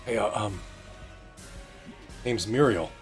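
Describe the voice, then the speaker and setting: A man running a tabletop game as game master, narrating in a casual, halting way. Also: on the low side. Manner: casual, many fillers and restarts. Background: faint music.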